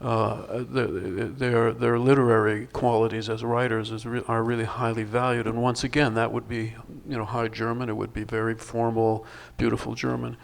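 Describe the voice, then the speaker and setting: A man's voice: medium pitch, flat delivery, normal speed, vocal fry, hardly any pauses. An older male film director at a festival panel, answering in a thoughtful, wry way with many restarts.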